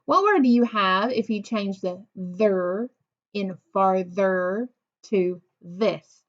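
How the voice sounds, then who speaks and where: A woman's voice: medium pitch, slow pace. A woman teaching a phonics lesson to second graders, patient and encouraging, drawing out words. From United States. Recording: dull lo-fi recording.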